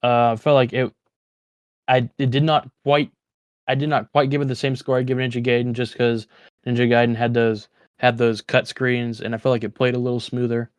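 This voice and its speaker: A man's voice: medium pitch, level tone, fairly quick, clear, resonant tone, dry recording. A man co-hosting a video game podcast, talking in an easygoing, laid-back way. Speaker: podcast co-host. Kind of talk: casual chat.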